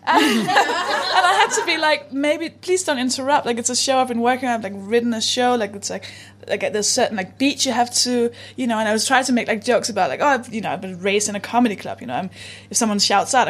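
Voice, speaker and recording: A woman's voice: fairly high pitch, quick pace. A British woman comedian, a rambling storyteller who laughs often in casual podcast chat. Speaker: comedian guest.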